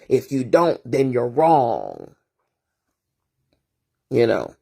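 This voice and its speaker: A woman therapist delivers a casual morning monologue at an unhurried pace. She drives each point home by repeating phrases in long drumming lists. Her tone is preachy, with rhetorical asides to the listener. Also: a bass voice, wildly swooping pitch, creaky, warm tone, husky. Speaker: therapist and motivational host.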